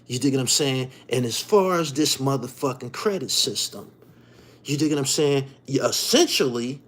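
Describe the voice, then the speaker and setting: Husky male host, animated swooping delivery, heated and profane monologue. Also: medium pitch, normal speed. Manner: profane, repetitive, heated, keeps asking "you dig". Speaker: podcast host. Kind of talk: ranting monologue.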